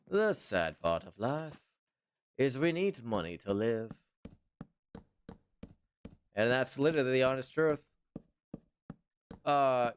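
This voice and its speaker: Slow-talking stuffy-nosed male streamer. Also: medium pitch, a little hiss or hum. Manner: rambling, swears often, answers chat. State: stuffy nose. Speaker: live streamer. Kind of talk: casual livestream chat.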